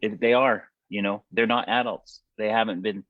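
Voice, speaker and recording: A man hosting a podcast, speaking thoughtfully and haltingly, with many restarts. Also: on the low side, fairly even intonation, no room sound. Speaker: podcast host. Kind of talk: reflective conversation. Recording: dull lo-fi audio.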